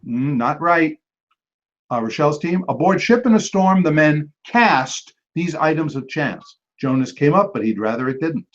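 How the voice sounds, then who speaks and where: A man hosting a trivia match, reading each clue and then repeating it slowly, with quick joking asides to the teams. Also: fairly high pitch, expressive. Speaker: trivia quizmaster. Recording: dull lo-fi recording.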